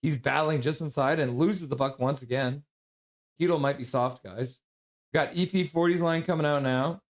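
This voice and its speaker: A man streaming live hockey play-by-play, excitable and blunt, chatting casually with his viewers between plays. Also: on the high side, moderate pace. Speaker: streamer doing fan play-by-play.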